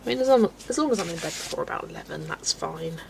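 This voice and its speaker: Woman, 40s, gravelly, chatty livestream host prone to playful rants; faint background noise. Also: low-pitched, quick pace, poor audio. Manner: chatty, laughs often, animated rants. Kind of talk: casual live-stream chat while colouring.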